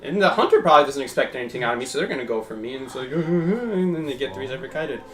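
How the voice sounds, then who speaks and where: A man's voice: medium pitch, expressive, very fast, fairly bright tone, soft background music. A young man giving chatty, casual commentary while live-streaming a game and thanking his viewers.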